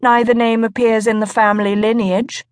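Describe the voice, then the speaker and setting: A spirited young noblewoman from a romance audiobook, as a woman narrator puts her on, raised in pitch and a little louder, proper and brisk. Her voice is dry and close-miked. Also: little pitch movement, no echo, close to an everyday voice. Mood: poised.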